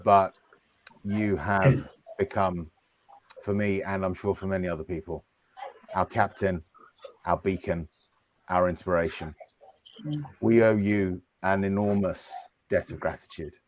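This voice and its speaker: A man who is a solicitor, giving a measured, emphatic farewell speech on a video call. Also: deep voice, steady tone, poor audio.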